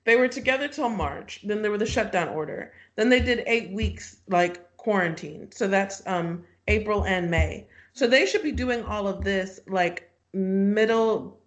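A woman's voice: medium pitch, unhurried, hardly any pauses. A woman co-hosting a podcast, thinking aloud in a casual chat full of "like" and "you know". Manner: expressive, musing, filler-heavy. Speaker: podcast co-host.

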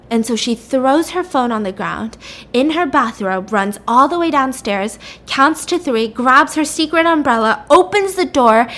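A woman's voice: high voice, expressive, a little slow, fairly bright tone. A woman casually retelling a story, chatty, with lots of "like" and "you know".

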